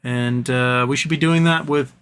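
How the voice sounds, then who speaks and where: A man hosting a livestream, telling stories in a casual, animated way and putting on mock voices for the people he quotes. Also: medium pitch, normal speed, a little hiss or hum. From United States. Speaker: livestream host.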